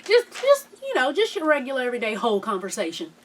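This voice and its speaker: Woman vlogger in her 30s, high voice, sassy slangy recap, acts out quotes. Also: huge pitch swings, fast, a little hiss or hum. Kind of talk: casual TV recap chat.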